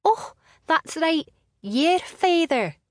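A woman voicing a sharp-tongued, defiant young noblewoman in a storybook reading. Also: very high voice, sing-song, dry recording, studio quality, voice pushed up, full character voice. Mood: defiant, mocking. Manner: scornful, quick, mocking.

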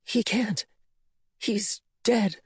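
An audiobook voice of a young woman, frightened and furious by turns, as a male narrator puts her on. Her voice sits high and breathy, with a dry close sound. She pleads and insists with raw emotion. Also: extremely slow, no room sound, full character voice. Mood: stunned. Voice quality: hoarse murmur. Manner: raised pitch, emotional and insistent. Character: young woman, frightened, angry, bitter daughter. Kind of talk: audiobook character voice.

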